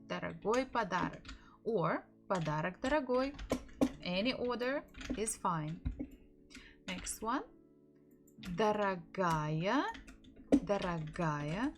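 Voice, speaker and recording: A woman with a Russian accent teaching a live-streamed language lesson, repeating each word slowly so learners can follow. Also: medium pitch. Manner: slow, drilling words by repetition.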